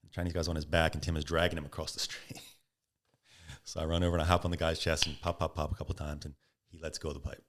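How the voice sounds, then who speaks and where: A deep-voiced middle-aged man tells a story in a relaxed podcast chat. He gets animated and acts out the other people's lines, with quick bursts of laughter in between. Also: slight background noise. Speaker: podcast guest. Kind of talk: casual storytelling.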